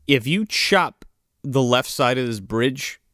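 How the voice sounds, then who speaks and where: A man's voice: medium pitch, expressive, slow pace, fairly bright tone, no room sound. Wisecracking male podcast co-host, dry sound. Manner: wisecracking, profane. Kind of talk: casual podcast chat.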